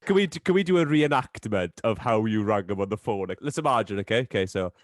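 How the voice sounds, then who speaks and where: A man co-hosting a podcast in casual chat, teasing his friends with animated, jokey asides. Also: fairly low pitch, quick pace, dry recording. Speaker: podcast co-host.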